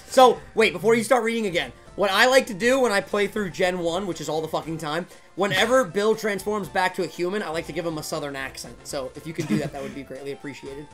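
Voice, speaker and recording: A man's voice: sits high, quick pace, few pauses, a bit bright, soft background music. A man co-playing as guest in a casual gaming commentary, teasing and goofy. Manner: teasing, jokey, goofy bits. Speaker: co-player guest.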